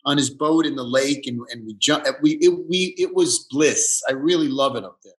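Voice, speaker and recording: A man, chatting as a guest in an interview, halting and easygoing. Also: mid-range voice. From the Bronx, New York. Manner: halting, restarts often, easygoing. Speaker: guest actor. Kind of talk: casual interview chat.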